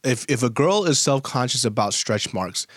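A man's voice: mid-range voice, animated, moderate pace, no room sound, studio quality. A man co-hosting a podcast in casual chat, blunt and joking with plenty of swearing. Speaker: podcast co-host. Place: podcast studio.

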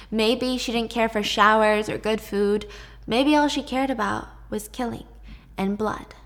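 Woman, podcast host, casual story recap, animated, slightly high. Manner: chatty, animated, swearing.

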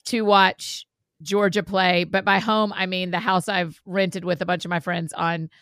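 A woman's voice: lowish voice, flat delivery, unhurried, a bit bright, no echo, studio quality. A woman co-hosting a podcast in casual, enthusiastic chat. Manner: enthusiastic, laughs easily. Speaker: podcast co-host.

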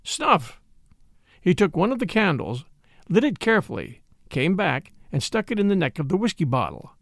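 A man narrating a classic mystery story in a measured, expressive storytelling style. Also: high voice, gravelly, no echo, clean studio sound. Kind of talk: scripted audiobook narration.

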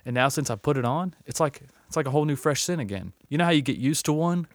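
A man's voice: fairly high pitch, animated, quick pace, dry recording, clean studio sound. A man co-hosting a podcast in easygoing casual chat, also reading sponsor spots. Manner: chatty, easygoing, reads ad copy. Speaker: podcast co-host.

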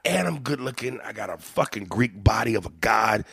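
Comic guy on a podcast, gravelly and kinda husky, lowish voice, cussing a lot and riffing, dry room. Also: normal speed, dry recording. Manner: profane, animated, riffs and acts out voices. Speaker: comedian guest. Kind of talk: casual podcast chat.

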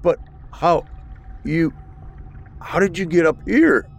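A man's voice: on the high side, lively intonation, slow pace, gravelly, voice pushed up, heavily acted. A man voicing a frightened, stammering man in over his head. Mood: panicked. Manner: stammering, panicked.

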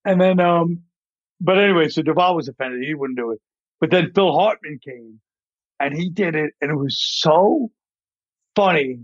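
A comedian guest with a fairly high voice tells long, rambling funny stories in a casual interview, animatedly acting out character voices. He speaks at a moderate pace, and the recording is dry and slightly dull, like a close studio podcast mic.

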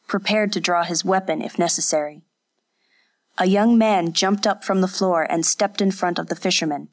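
A woman narrating an audiobook in an even, unhurried storytelling manner. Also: fairly low pitch. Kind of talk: scripted narration.

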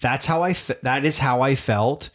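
A man with a mid-range voice co-hosts a casual podcast chat. He talks earnestly, turns deadpan at times and acts out his own thoughts. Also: mid-range voice, normal speed. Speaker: podcast co-host.

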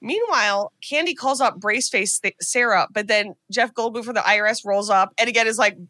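A woman podcast co-host recapping a movie in a casual, profane, animated storytelling way. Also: a little high, fairly quick, no room sound.

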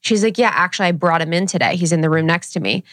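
A woman's voice: lowish voice, fast talker, fairly bright tone, no room sound, studio quality. A woman co-hosting a casual chat, telling stories animatedly with lots of slang and filler words. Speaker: podcast co-host.

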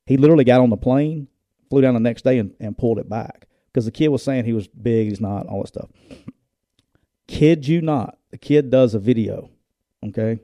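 Middle-aged man, former coach, lively storyteller, very dark mellow tone, dry close mic. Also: mid-range voice, moderate pace, no echo, highs cut off. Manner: animated, acts out quoted voices, laughs while telling stories. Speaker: former college football coach, show co-host. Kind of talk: casual storytelling chat.

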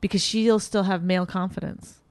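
A woman's voice: mid-range voice, steady tone, normal speed, a little mellow, no echo. A woman co-hosting a podcast, chatting crudely and sarcastically. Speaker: podcast co-host. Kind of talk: casual comedic chat.

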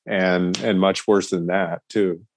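A man in his forties from Texas, a podcast guest talking in an earnest, measured way and laughing easily. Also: low voice, steady tone, slight background noise. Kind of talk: casual chat.

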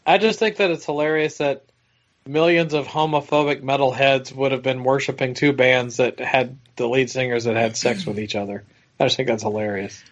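A man's voice: medium pitch, steady tone, normal speed. A man co-hosting a casual chat who reads passages aloud and comments with wry amusement. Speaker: podcast co-host. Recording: dull lo-fi sound.

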